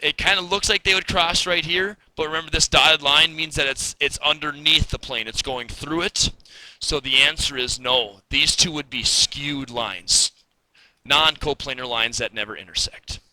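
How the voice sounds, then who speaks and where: A man's voice: fairly high pitch, steady tone, normal speed, sharp tone, low-quality recording. A man teaching a recorded math lesson, explaining step by step in a casual, patient way.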